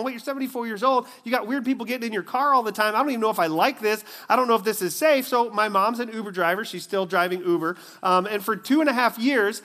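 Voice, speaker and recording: High-voiced man preaching conversationally. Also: a bit bright. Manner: conversational storytelling with many fillers. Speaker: pastor. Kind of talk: sermon.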